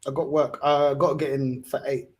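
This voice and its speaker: A man's voice: mid-range voice, level tone, brisk, a little mellow, husky. A man hosting a casual chat, easygoing, laughing often and repeating himself. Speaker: channel host.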